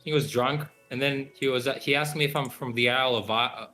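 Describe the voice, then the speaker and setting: A man's voice: medium pitch, steady tone, fast, over music. A man chatting on a game dev stream, telling a story with teasing, joking banter. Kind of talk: casual chat.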